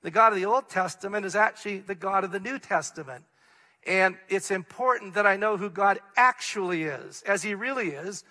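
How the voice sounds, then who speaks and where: A man's voice: sits high, bright, forceful tone. A middle-aged man, preaching a sermon, reading scripture and explaining it in an earnest, plain way. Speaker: pastor. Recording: long reverb of a large hall.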